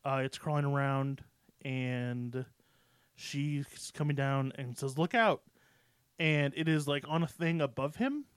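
A man's voice: medium pitch, measured pace, smooth, dry recording. A man co-hosting a podcast, recapping a movie in casual chat, swearing freely and acting out the characters' lines. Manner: profane, animated, acts out characters in quotes. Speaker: podcast co-host.

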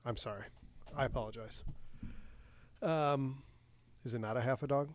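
A man co-hosting a casual movie podcast, excitable, swearing freely and laughing a lot. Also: medium pitch, moderate pace. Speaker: podcast co-host. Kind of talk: casual movie review chat.

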